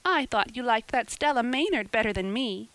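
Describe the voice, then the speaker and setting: A woman's voice: on the high side, expressive, normal speed, a bit bright, clean tone, no room sound, rough recording. A woman voicing a chatty, somewhat reproachful teenage girl friend. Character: wistful, teasing teenage girlfriend.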